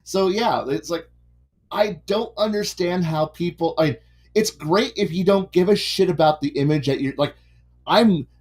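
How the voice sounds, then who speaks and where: A man's voice: high voice, measured pace, darkish tone. A man chatting casually while painting miniatures, ranting and swearing as he goes. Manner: ranting, profane, restarts sentences. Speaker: hobby miniature painter hosting a stream.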